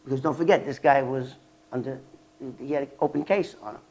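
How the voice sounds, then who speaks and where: An older man vlogging about his past as an informant, telling it in a rambling, animated way with restarts and fillers. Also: fairly quick, highs cut off. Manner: animated, acts out quoted dialogue with sharp jumps in pitch and loudness. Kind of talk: casual storytelling vlog.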